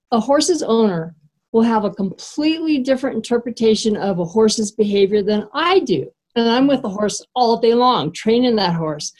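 A woman who trains horses, candidly sharing a personal story with a group in an animated, easygoing way. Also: a little high. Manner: animated and candid, laughing easily.

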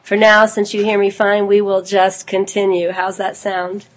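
A woman's voice: mid-range voice, completely flat delivery, normal speed. Woman with a cold, chatty and informal. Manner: chatty, informal, with frequent fillers and small laughs. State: has a cold, low husky voice. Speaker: host of an online spiritual gathering. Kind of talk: casual address to an online group.

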